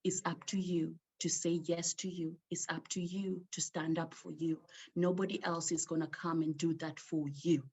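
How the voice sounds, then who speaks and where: A woman with a somewhat low voice shares a personal story at an online gathering. She speaks emotionally and with emphasis, drawing out key words. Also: flat delivery, moderate pace, a little mellow, slightly rough.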